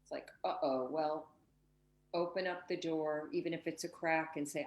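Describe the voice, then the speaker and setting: A woman's voice: sits low, steady tone, normal speed, roomy sound, poor audio. A woman hosting a heartfelt spiritual conversation over a video call, speaking emotionally and acting out inner voices. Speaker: host.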